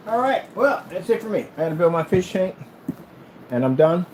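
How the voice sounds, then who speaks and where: A blunt middle-aged man talking off the cuff at home, his somewhat high voice swinging up and down with lots of life. He sounds combative and unscripted, with a faint hum of noise behind him. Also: big pitch swings, moderate pace. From United States. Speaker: small business owner vlogging. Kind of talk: casual unscripted vlog.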